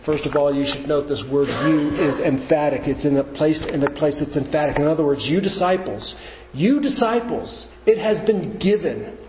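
A man's voice: fairly high pitch, brisk, noisy background. A man preaching a teaching sermon, explaining step by step and rising to emphatic questions. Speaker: pastor. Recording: roomy, dull church recording.

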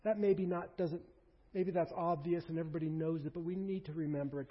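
A man preaching a sermon as pastor, conversational and animated, with asides and quoted voices. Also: fairly high pitch, a little fast. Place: church sanctuary. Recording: dull sound with long reverb in a hall.

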